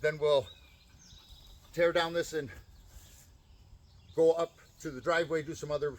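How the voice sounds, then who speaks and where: A male dog trainer explaining recall training outdoors in a calm, practical way. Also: unhurried. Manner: calm explaining, bursts of high excited praise to a dog.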